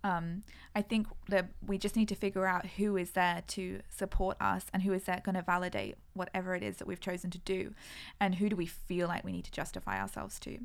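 Woman podcast co-host, casual chat, earnest and reflective, gravelly edge. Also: on the low side, brisk, hardly any pauses.

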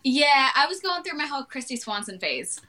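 A woman's voice: high-pitched, big pitch swings, brisk, bright, forceful tone. A woman from Northern Maryland, a podcast guest chatting casually and laughing often. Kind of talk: casual chat.

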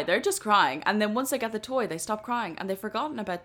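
A young woman of twenty hosts a casual solo podcast. She talks in an earnest, chatty way and leans on "like" as a filler. Her pitch sits at an ordinary middle level for a woman. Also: expressive, fast talker, fairly bright tone. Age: 20s. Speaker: podcast host.

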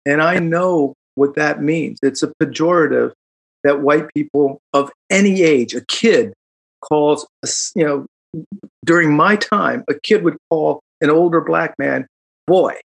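A middle-aged man, recounting a personal story in an interview, animated and reflective, with quick laughs and fillers. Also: on the high side, vocal fry. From Chicago, United States. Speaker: guest.

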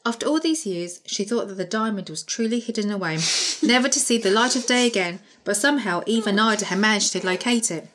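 Brief: woman, mid-pitch, reading a homemade story aloud to friends, stumbly and giggly. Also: a little fast, hardly any pauses, a bit bright. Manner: reads with stumbles, laughs at her own writing. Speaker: reader of her own story chapter.

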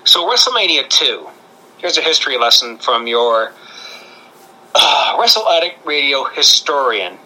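Man, very bright sharp voice, podcast co-host, joking, quick asides. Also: medium pitch, lively intonation, low-quality recording. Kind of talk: casual podcast chat.

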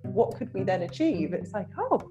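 Woman, podcast guest, animated, laughs easily, music underneath. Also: mid-range voice, brisk. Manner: animated, laughs often, acts out voices in quotes. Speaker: podcast guest, business owner and coach. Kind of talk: casual podcast chat.

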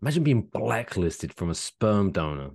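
A man's voice: moderate pace, husky. A man co-hosting a podcast, chatting casually and joking through odd news stories with big swings in his voice. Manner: lively, jokey, reads news out loud with big pitch swings. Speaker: podcast co-host. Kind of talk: casual chat.

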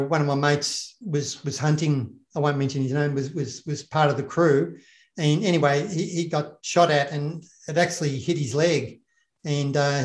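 Here the ex-special operations officer sounds a little high and a little mellow. His casual conversation meanders, full of repeated words and laughs, in a recording with a roomy echo.

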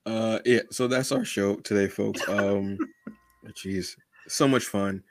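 A man co-hosting a podcast in casual chat, from the United States, animated and often calling his co-host brother. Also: on the low side, takes it slowly. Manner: animated, says "brother" often, acts out quotes.

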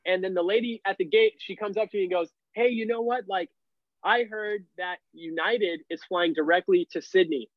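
A man's voice: sits high, no room sound. A young man telling a story casually as a podcast guest, leaning on "like" as a filler. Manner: animated, heavy use of "like" fillers. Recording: dull, lo-fi and dry.

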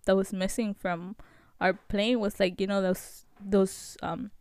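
A young woman hosting a vlog, telling a story in a chatty, animated way with lots of fillers. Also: mid-range voice, measured pace, clean tone, no echo. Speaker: vlog host.

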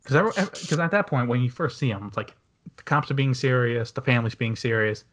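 This man hosts a casual movie review chat with a voice of middling pitch. He rambles along, restarting sentences and filling gaps with ums and likes. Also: brisk, fairly bright tone. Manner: rambling, many fillers and restarts. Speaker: podcast host.

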